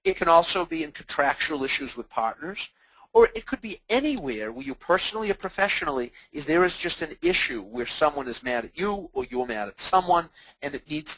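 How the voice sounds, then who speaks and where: A man's voice: on the high side, no room sound, rough recording. A middle-aged man from Massachusetts presenting a webinar, acting out sample dialogues and cracking small jokes. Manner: animated, acts out customer dialogues, self-deprecating jokes. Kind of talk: webinar talk with examples.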